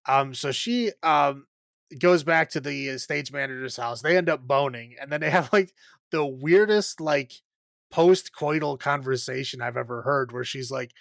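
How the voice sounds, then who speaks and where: A man's voice: medium pitch, moderate pace, vocal fry, a bit bright, dry recording, clean studio sound. A man hosting a podcast, recapping a film in a casual, rambling way full of fillers and frequent laughs. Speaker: podcast host.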